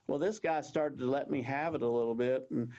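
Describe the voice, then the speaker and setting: Gravelly older man. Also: medium pitch, warm tone. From Texas. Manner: earnest, halting, with many restarts. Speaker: guest. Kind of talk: personal storytelling. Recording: dull lo-fi audio.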